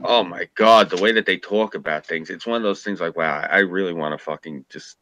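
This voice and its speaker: A man's voice: low-pitched, brisk, pushed and bright, no room sound. A man, a former journalist, ranting profanely and mocking people in a casual political chat. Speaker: podcast co-host, former journalist.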